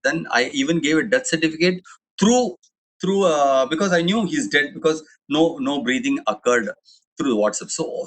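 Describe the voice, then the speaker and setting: A man's voice: medium pitch, fairly bright tone, poor audio. A middle-aged man with an Indian English accent giving a chatty, digressive webinar talk, full of restarts and fillers. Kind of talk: anecdotal public talk.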